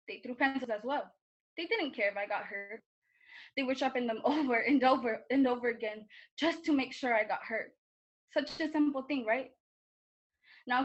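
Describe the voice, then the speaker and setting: High, bright young woman delivering a monologue. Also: muffled recording. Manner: earnest, impassioned, pointed questions. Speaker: student performer. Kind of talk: spoken-word monologue. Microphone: video call.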